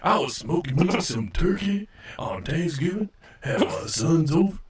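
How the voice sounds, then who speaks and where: A man voicing a deep, smooth-voiced, laid-back barbecue man who talks in a slow drawl. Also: big pitch swings, roomy sound, distant mic, background noise.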